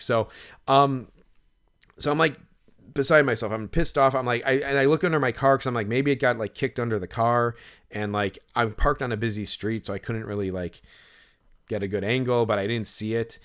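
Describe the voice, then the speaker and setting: A man's voice: mid-range voice, moderate pace. A man co-hosting a podcast, telling a long casual story full of fillers, swearing and retold inner monologue. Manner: rambling, lots of fillers and profanity, animated when retelling. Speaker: podcast co-host.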